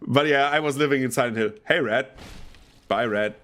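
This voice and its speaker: A man's voice: mid-range voice, quick pace, a bit bright, a little hiss or hum. Casual German-speaking gamer man. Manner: chatty, swears, laughs often. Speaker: streamer. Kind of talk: casual gameplay commentary.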